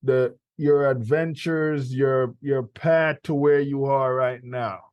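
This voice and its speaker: A man's voice: mid-range voice, steady tone, slow pace, a little mellow, smooth, no echo, muffled recording. A man hosting a podcast, interviewing a guest in an encouraging way and affirming her with short remarks. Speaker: podcast host.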